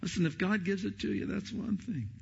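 A middle-aged male pastor preaching a sermon, swinging from loud emphatic peaks down to hushed whispers. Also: high-pitched, fairly quick, vocal fry, dull audio, a little hiss or hum.

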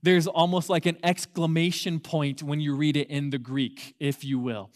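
Man, 30s, youth pastor, sermon, emphatic, repeats words for force, somewhat high voice. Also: fairly even intonation, moderate pace. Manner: conversational storytelling opener.

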